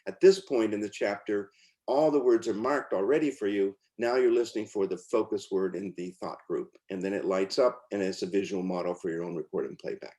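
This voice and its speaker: A man's voice: on the low side, a little fast, dark tone. A man teaching as he walks through pronunciation lessons on screen, in an informal way with fillers and restarts. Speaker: teacher demonstrating software. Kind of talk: screen-share walkthrough.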